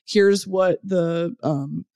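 A young woman guesting on a podcast in casual chat, trading deadpan jokes. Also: extremely slow, creaky, no room sound, clean studio sound. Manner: deadpan jokes, lively swings in pitch.

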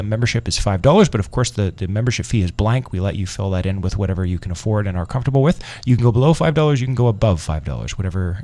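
A male radio host with a lowish voice, rambling and restarting as he goes, with a dry sarcastic edge. He sounds close to the mic in a dead, dry studio. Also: darkish tone, dry recording. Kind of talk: casual radio talk.

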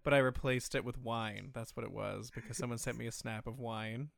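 A man's voice: medium pitch, steady tone, a little fast, vocal fry, no echo. A man in casual chat who acts out quotes in a playful mock-dramatic voice.

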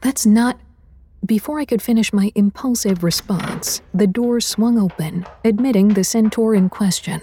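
A woman reading first-person fantasy fiction as narrator in a measured, wry way. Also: mid-range voice, dark tone, slight background noise.

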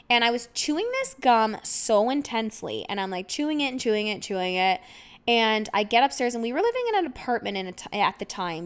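Woman podcast host, slightly high voice, loose and chatty, storytelling off the cuff. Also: smooth. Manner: rambling, filler-heavy, laughs often. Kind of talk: casual personal storytelling.

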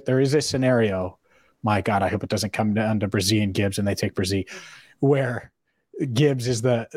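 Dry-sounding podcast host, opinionated. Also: male voice, mid-range voice, a little mellow, no room sound. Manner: opinionated, thinks aloud with hypotheticals. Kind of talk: casual sports podcast chat.

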